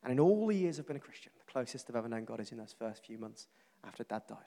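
A man's voice: medium pitch, animated, fast talker, creaky, dark tone. Earnest man preaching in a hall. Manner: earnest, emphatic, builds lists and repeats phrases. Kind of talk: sermon. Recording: long reverb from a large hall.

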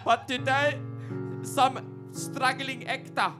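A performer voicing a freshly fired South African father, halting and pleading, with a South African accent over music. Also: sits high, flat delivery. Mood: upset.

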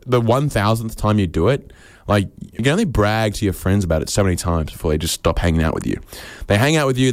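A man delivers a comic monologue in a low-pitched voice. His claims are absurd and deadpan, and he slips into quick acted-out voices for the people he quotes. The sound is dry and close, with no room echo. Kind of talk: comedic monologue.

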